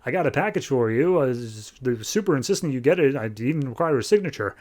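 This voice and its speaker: Man playing pushy delivery man, insistent, rushed. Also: mid-range voice, animated, a little mellow, natural voice.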